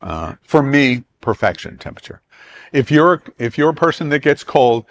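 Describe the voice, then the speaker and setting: Southern US male host, mid-range voice, chatty trip briefing with jokes, very animated intonation. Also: medium pitch, moderate pace. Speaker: travel club host. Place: meeting room with an audience.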